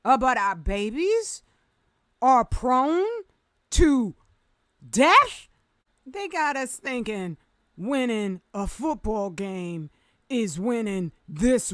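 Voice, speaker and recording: High-pitched woman going off on a passionate rant, sarcastic, dry close sound. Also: fairly bright tone, dry recording. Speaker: vlogger. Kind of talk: impassioned commentary rant.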